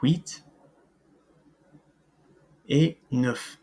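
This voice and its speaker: A man's voice: medium pitch, extremely slow, mellow. A man teaching a recorded French language lesson, hesitant with many ums and uhs, spelling out words letter by letter.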